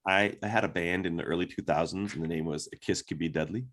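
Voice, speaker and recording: A man on a podcast as a guest in casual chat, lively and acting out quotes with laughs. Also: low voice, fast talker. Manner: animated, laughs and acts out quotes.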